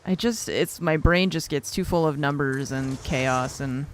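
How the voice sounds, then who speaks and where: A woman's voice: deep voice, measured pace, noisy background. A young woman streaming a factory-building game, thinking aloud and getting flustered as she juggles numbers, poking fun at herself. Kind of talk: casual gameplay commentary.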